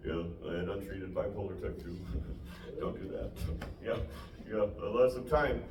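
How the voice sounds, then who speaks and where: A young man with a fairly low voice does a stand-up set for a small audience at a small live venue, speaking at normal speed. He rambles, puts himself down, and often laughs at his own lines. The recording is noisy, with an echoey room and a distant mic.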